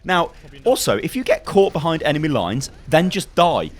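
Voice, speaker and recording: Young gaming host, a touch high-voiced, emphatic and repetitive, a bit hoarse from ranting. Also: male voice, wildly swooping pitch, moderate pace. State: slightly hoarse. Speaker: gaming YouTuber. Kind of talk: fast-paced game tips guide.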